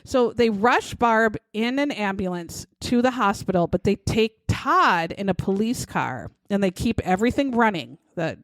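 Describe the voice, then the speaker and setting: Woman co-host, mid-pitched, blunt and profane, acts out quotes; dry, close recording. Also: animated, moderate pace, hardly any pauses, no room sound. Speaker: podcast co-host. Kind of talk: casual true-crime chat.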